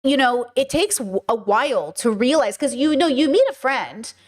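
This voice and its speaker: A woman with a slightly high voice talks through a clip on her stream. She muses out loud and puts questions to her chat and to herself in a loose, casual way. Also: animated, normal speed. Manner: thinks aloud, asks chat and herself questions. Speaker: streamer reacting to a video. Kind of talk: casual live-stream commentary.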